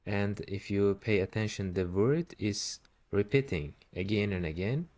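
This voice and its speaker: A man teaching Quran recitation step by step, patiently repeating syllables slowly. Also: lowish voice, a little mellow. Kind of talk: slow step-by-step recitation lesson.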